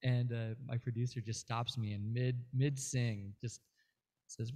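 A man with a warm, mellow voice at an ordinary pitch, chatting as a guest musician. He tells long, winding stories and fills them with fillers and restarts as he goes. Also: flat delivery, moderate pace. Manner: rambling storyteller, many fillers and restarts. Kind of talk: casual interview chat.

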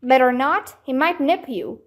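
A woman voicing a brisk, protective male wildlife ranger who gives orders. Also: high-pitched, expressive.

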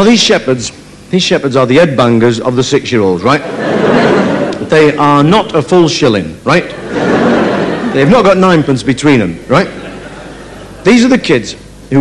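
A stand-up comedian tells a story live on an opera house stage, his medium-pitched voice carrying over slight background noise. He's chatty and keeps tossing in "right?" as asides. It's a live concert recording with the audience audible.

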